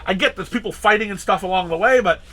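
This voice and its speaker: Chatty man with a bright voice. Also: sits high, fast talker. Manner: rambling, with many restarts and acted-out quotes. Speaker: comic shop owner and podcast host. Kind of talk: casual chat.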